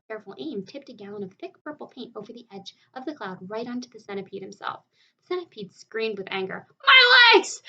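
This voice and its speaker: A woman narrating a children's novel aloud with expressive storytelling. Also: fairly high pitch, husky, far from the mic, muffled recording. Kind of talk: audiobook reading of a children's novel.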